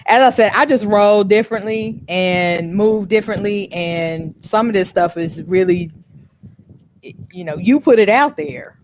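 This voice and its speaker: A woman's voice: mid-range voice, a little slow, a little mellow. A woman hosting a casual livestream chat, talking frankly and laughing often. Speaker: host. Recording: dull lo-fi stream audio with faint noise.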